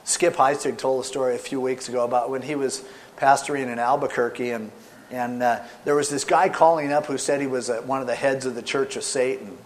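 A man preaching a sermon with animated storytelling, swinging between loud emphasis and soft asides. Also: mid-range voice, fairly quick, slight background noise. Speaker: pastor.

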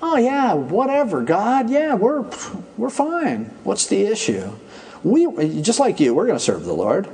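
Brief: man playing smug Israelite crowd, brushing off warnings, pitched up. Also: huge pitch swings, moderate pace, darkish tone. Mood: breezy. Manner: breezy and dismissive.

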